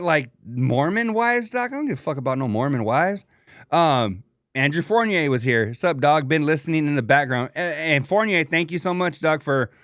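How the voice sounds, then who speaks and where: A man's voice: on the high side, fairly bright tone, no echo, clean studio sound. A man co-hosting a podcast in casual, slangy chat, laid-back and laughing often. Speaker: podcast co-host.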